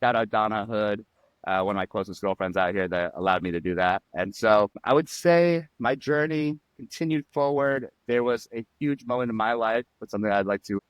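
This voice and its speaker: A man telling personal stories as a podcast guest, animated and acting out quotes. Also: fairly low pitch, brisk, smooth, dry recording. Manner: animated storyteller, acts out quotes and sound effects. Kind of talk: storytelling in a podcast interview.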